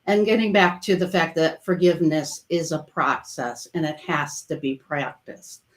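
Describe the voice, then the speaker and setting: A woman coach hosts a relaxed online conversation. Her voice sits low, and she talks in a gentle, reflective way. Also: normal speed. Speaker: coach and host. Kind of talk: casual webinar chat.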